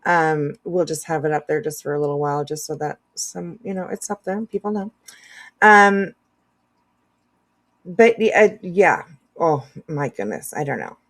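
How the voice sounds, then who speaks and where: A woman's voice: sits low, lively intonation, moderate pace. A woman casually commenting on clips during a live stream, chatty and laughing often.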